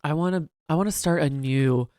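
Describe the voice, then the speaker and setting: A man's voice: on the high side, brisk, darkish tone, no echo, clean studio sound. A man co-hosting a podcast, talking in a campy, playful, theatrical way in casual comedic chat. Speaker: podcast co-host.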